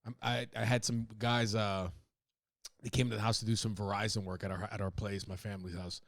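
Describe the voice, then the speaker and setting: A man's voice: fairly low pitch, flat delivery, fairly quick, gravelly, dry recording, studio quality. Rambling, cussing man on a podcast. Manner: profane, rambling, laughs at own jokes. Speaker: podcast host. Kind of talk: casual comedic monologue.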